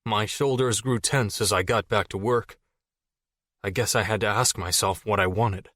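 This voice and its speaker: A man narrating a fantasy audiobook in the first person, steady and measured. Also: lowish voice, dry recording, studio quality.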